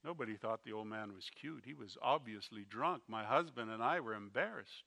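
A man preaching a sermon, telling a story slowly and with feeling, his volume rising and falling. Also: lowish voice, animated, gravelly. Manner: slow, emotional storytelling with swings in loudness.

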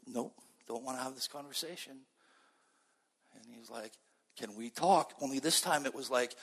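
A man's voice: on the high side, husky. A man from Canada giving a sermon-style personal testimony, telling his story with acted-out dialogue. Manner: storytelling, acts out dialogue, animated. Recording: long reverb of a large hall.

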